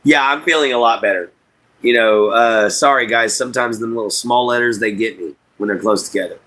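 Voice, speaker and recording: A man with a drawl hosts a laid-back livestream, chatting with viewers in a folksy, unhurried way. His voice sits in a middle pitch, and he talks from inside an RV. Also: pushed and bright, low-quality recording. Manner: folksy, drawling, reads chat aloud. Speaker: livestream host. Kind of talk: casual livestream chat.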